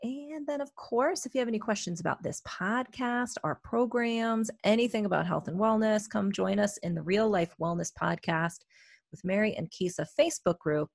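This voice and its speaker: A woman's voice: medium pitch, moderate pace, creaky, no echo, clean studio sound. A woman co-hosting a wellness podcast, talking in a chatty, reflective way with many fillers. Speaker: podcast co-host, therapist. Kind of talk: casual podcast chat.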